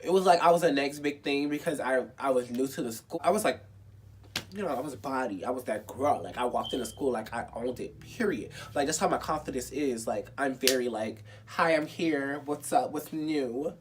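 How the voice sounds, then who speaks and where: A young man in his twenties tells a personal story in a casual vlog, dramatic and expressive, swearing freely and saying "like" a lot. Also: medium pitch, brisk, background noise. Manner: dramatic, expressive and profane, with lots of filler "like". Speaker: vlogger.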